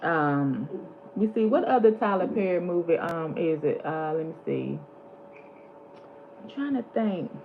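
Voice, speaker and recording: A woman's voice: fairly low pitch, lively intonation, a little slow, creaky, pauses often. A woman, chatting casually on her vlog and animatedly retelling movie scenes. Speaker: vlog host. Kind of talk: casual chat. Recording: slightly dull lo-fi audio with faint background hiss.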